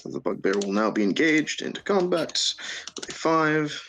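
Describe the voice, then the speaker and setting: A man narrating as game master of a tabletop game, halting, with many fillers and restarts, often laughing. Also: fairly high pitch, lively intonation, a bit bright, faint music behind.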